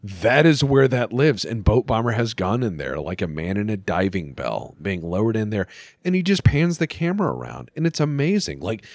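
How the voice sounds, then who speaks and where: A man chatting casually as a podcast host, telling stories with loud laughs and acted-out quotes. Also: on the low side, normal speed, no echo, clean studio sound. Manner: animated storyteller, acts out quotes, laughs loudly. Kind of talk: casual chat.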